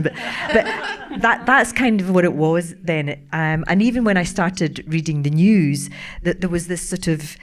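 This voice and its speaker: A middle-aged woman, a broadcaster on a panel, telling stories in a casual, animated way with frequent laughs and restarts. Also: low voice, moderate pace. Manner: animated storyteller, laughing often, many restarts.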